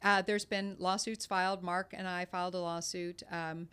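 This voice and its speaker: A woman's voice: on the low side, flat delivery, moderate pace, fairly bright tone, clean tone. A woman in her fifties, a TV news anchor, telling her story candidly as a guest in a casual interview. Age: 50s.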